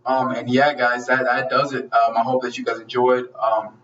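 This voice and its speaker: A man casually retelling an action movie scene by scene, excited, swearing a lot and making gunfire sounds. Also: medium pitch, normal speed, far from the mic, highs cut off. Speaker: movie reviewer.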